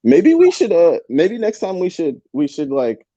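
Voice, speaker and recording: Man, casual watchalong co-host, slangy, laughs a lot, mellow dark tone, dull lo-fi audio. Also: high voice, huge pitch swings, normal speed, no echo. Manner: laid-back, laughs often, slangy. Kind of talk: casual live-stream chat.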